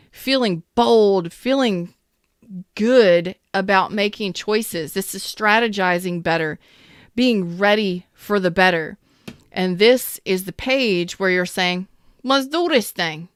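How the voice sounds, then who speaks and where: Her mid-range voice is clear and resonant with a fairly bright tone, captured in a dry recording with clean studio sound. The woman, a tarot reader, gives a chatty, casual reading, speaking upbeat and emphatically straight to her viewers.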